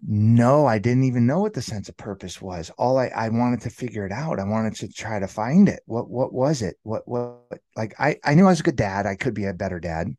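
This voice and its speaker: A man's voice: fairly low pitch, expressive, brisk, few pauses, mellow. A man in his thirties telling his personal story as an interview guest, rambling and filling his talk with "like" and "you know". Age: 30s.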